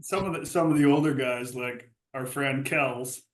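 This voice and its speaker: A man's voice: mid-range voice, normal speed, reverberant, a little hiss or hum, low-quality recording. A man telling old hockey stories in casual podcast chat, laughing often and acting out quotes. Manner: laughing storyteller, acts out quotes. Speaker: podcast host.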